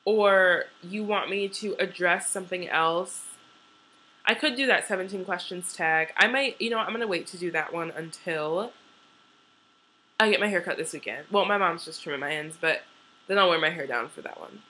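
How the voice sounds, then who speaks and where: A woman's voice: on the low side, normal speed, sharp tone, rough recording. A young woman chatting casually to her camera at home, rambling and giggly with lots of fillers. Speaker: vlogger.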